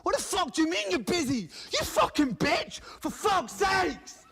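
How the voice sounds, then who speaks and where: A man's voice: extremely high pitch, big pitch swings, a little slow, no echo, pitched above the performer's own voice, exaggerated voice. A man singing as a volatile young street thug. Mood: furious defiant. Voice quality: twangy, gritty. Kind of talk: sung storytelling. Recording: loud guitar music playing.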